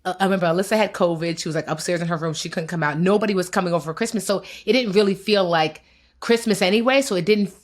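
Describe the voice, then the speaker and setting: Woman, American accent, podcast co-host, casual chat, candid and weary, lowish voice. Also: rapid-fire. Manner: candid, tired, reflective.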